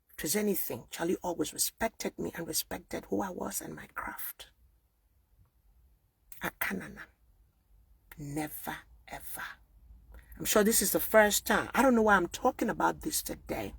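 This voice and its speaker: A woman with a Nigerian accent from Akwa Ibom, speaking out in an emphatic personal monologue that swings between loud outbursts and hushed, repeated oaths. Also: sits low, unhurried, vocal fry, pauses often, slightly rough, no echo. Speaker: vlogger speaking out.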